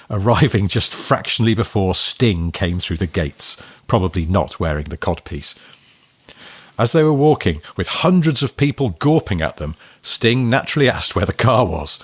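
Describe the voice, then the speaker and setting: A man with a low voice co-hosts a casual podcast. He reads listener mail and tells stories in a chatty way, laughing often. The sound is dry and close to the mic. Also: husky, no echo. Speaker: podcast co-host. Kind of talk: casual chat, reading listener emails.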